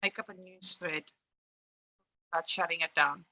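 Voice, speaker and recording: Bright-voiced woman ranting on stream. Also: lowish voice, steady tone, moderate pace, poor audio. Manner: frustrated, emphatic, swears, repeats herself. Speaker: live streamer. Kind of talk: live-stream rant.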